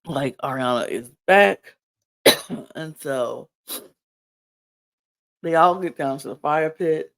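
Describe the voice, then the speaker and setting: A woman's voice: low-pitched, slow, vocal fry, long pauses, a bit bright. A woman casually recapping a reality show, chatty and rambling with frequent ums and restarts. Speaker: podcast recapper.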